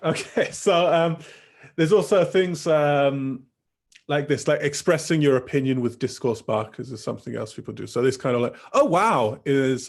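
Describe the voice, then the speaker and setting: A man's voice: medium pitch, a little mellow. Chatty young man giving an online teacher workshop. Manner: casual, rambling, many fillers. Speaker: teacher trainer. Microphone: video call.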